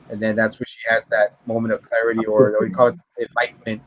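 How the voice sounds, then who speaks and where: A man casually retelling a film scene for a podcast, rambling and profane, stumbling over words and jumping into high voices to act out characters. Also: level tone, fast, few pauses, lo-fi sound. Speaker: podcast co-host. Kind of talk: casual film review chat.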